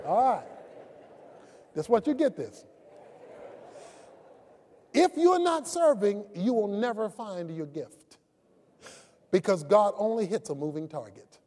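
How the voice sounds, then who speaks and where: A man's voice: high-pitched, very animated, slow, long pauses, a little mellow. A man preaching a sermon as pastor, emphatic and calling out key words to his congregation. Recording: long reverb of a large hall.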